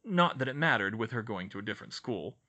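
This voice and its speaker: Bright-voiced male audiobook narrator. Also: on the low side, animated, quick pace, muffled recording. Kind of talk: scripted fan-fiction narration.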